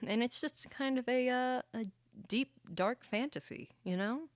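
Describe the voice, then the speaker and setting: A woman's voice: a little high, a little slow, no echo. Chatty woman streamer, dry close mic. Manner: rambling, chatty, often laughing. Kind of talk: casual livestream chat.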